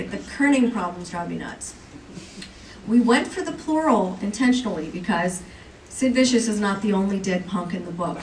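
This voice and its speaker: A woman on a comics convention panel, chatty and playful as she teases the crowd. She is caught from the audience, far from the mic, with the hall ringing around her. Faint hall noise sits underneath. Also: medium pitch. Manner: lively, joking, chatty with the audience. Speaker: comics editor presenting on a panel. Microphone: recorded from the audience by a far camera.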